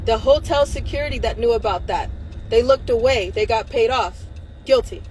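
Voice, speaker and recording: A woman's voice: fairly high pitch, moderate pace, darkish tone, slight background noise, rough recording. A woman giving an impassioned, angry livestream rant into a phone, emphatic and swearing. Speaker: livestream host.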